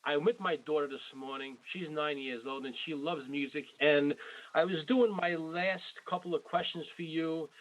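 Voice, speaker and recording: A man's voice: a little high, fairly even intonation, normal speed, rough recording. A man in his forties hosting an interview, effusive and rambling, often repeating himself. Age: 40s. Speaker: podcast host. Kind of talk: casual interview.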